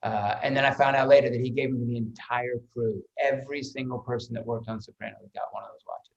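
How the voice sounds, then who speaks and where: Man, actor guest, mid-pitched, chatty storyteller who swears casually and restarts his words, slightly muffled lo-fi audio. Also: fast, creaky. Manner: lively storyteller, swears freely, repeats words while restarting. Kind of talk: animated anecdote telling.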